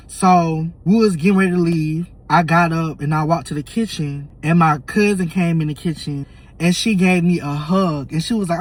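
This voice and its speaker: High-voiced young man telling a story. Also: normal speed. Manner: animated, emotional storytelling with reenacted quotes. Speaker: vlogger. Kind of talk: storytime vlog.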